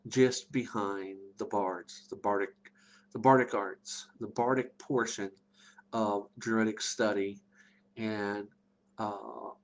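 A middle-aged man teaching a live online class on druidry, halting and rambling with many fillers. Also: on the low side, low-quality recording.

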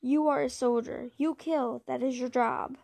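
A woman voicing a menacing ancient male bloodsucker who speaks softly and commands. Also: high voice, steady tone, gravelly. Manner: soft, slow, commanding.

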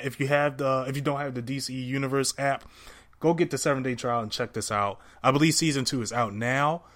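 Enthusiastic man, podcast host, casual chat, trips over words, mid-range pitch. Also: fairly bright tone.

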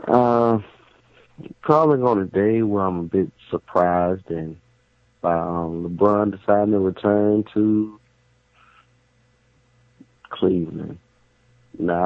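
Deep, flat-voiced man on a phone line. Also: no echo. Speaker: caller. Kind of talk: voicemail message.

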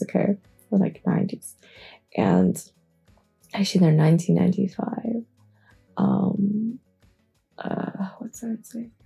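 A woman's voice: medium pitch, gravelly, mellow, breathy edge. A young woman rambling casually on an early morning, chatty and giggly, a little groggy, swearing freely. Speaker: podcast host. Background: faint background music.

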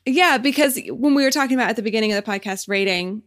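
A woman's voice: on the high side, fast talker, a bit bright. Woman, thirties, podcast co-host, giggly and chatty, loose casual delivery. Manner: giggly, chatty, trails off with fillers. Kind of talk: casual chat.

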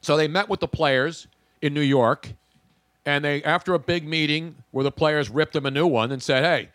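A man's voice: a little high, moderate pace, fairly bright tone, dry recording, clean studio sound. A man hosting a sports podcast, opinionated and talking in long runs of casual chat. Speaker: podcast host.

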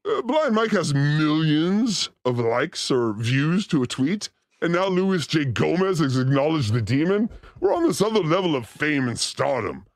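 A man playing a boastful, crude demon character, ranting manically on a live comedy stream with frequent shouted outbursts. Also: on the high side, sing-song, measured pace, few pauses, no echo, studio quality, pitched below the performer's own voice. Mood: manic.

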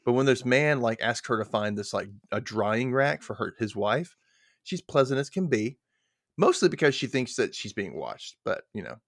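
A man's voice: mid-range voice, very animated, normal speed, dry recording, clean studio sound. A man co-hosting a podcast, casually recapping a story and acting out its quoted lines. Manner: chatty, retells scenes with quoted lines. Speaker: podcast co-host.

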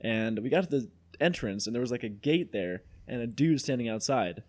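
A man's voice: medium pitch, expressive, fairly quick, a little mellow, dry recording. A young man from Mexico hosting a podcast, telling a story in casual chat. He talks animatedly, laughs often and swears freely. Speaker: podcast host.

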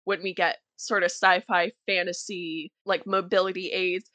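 A woman's voice: fairly low pitch, moderate pace, no echo. Emphatic woman in dry close sound. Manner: emphatic, animated storytelling. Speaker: podcast host. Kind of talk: casual chat.

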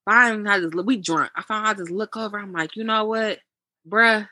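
A woman's voice: mid-range voice, a little fast, bright, forceful tone, dry recording. A young woman casually telling a long story to friends, acting out both sides of her phone calls and swearing freely. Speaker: podcast guest.

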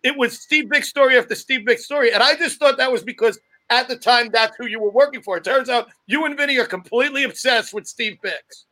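A man's voice: extremely high pitch, a little fast, few pauses, bright, forceful tone. A man hosting a casual chat, teasing and joking with his guest. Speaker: podcast host.

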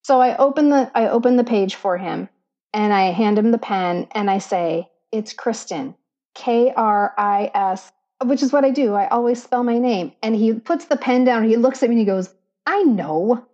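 A woman's voice: fairly high pitch, a little fast, dark tone, dull audio. A woman co-hosting a podcast, telling a story in an earnest, heartfelt way with self-deprecating asides, recorded on a laptop microphone. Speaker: podcast co-host. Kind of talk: reflective storytelling chat.

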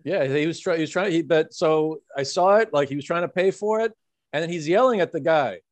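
A man with a fairly high voice tells a story in a casual podcast chat. He rambles, stacking "like" and "uh" as he goes. The sound is dry and close to the mic. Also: brisk, no room sound. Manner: rambling, filler-heavy anecdote telling with frequent "like" and "uh". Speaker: podcast co-host.

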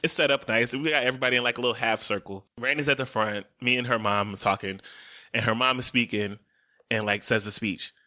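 A man's voice: medium pitch, steady tone, fast talker, sharp tone, no echo, clean studio sound. A man co-hosting a podcast with his wife, casually telling a story, laughing and swearing now and then. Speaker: podcast co-host.

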